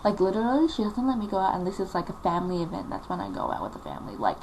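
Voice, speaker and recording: A woman's voice: lowish voice, wildly swooping pitch, rapid-fire, hardly any pauses, a little mellow, a little hiss or hum, low-quality recording. Emotional teenage girl venting on a vlog. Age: late teens. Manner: emotional, rambling, many filler likes. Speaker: vlogger. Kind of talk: confessional vlog.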